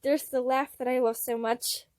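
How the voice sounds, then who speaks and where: A woman's voice: high-pitched, level tone, moderate pace, a little mellow, no room sound, studio quality, lightly acted. A woman voicing a dramatic, doting young prince with a theatrical, affectionate manner. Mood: teasing.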